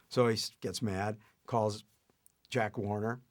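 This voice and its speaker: An older man telling a family anecdote in a lively way, chuckling as he goes. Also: lowish voice, takes it slowly. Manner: lively retelling with acted-out quotes and chuckles. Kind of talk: anecdotal storytelling.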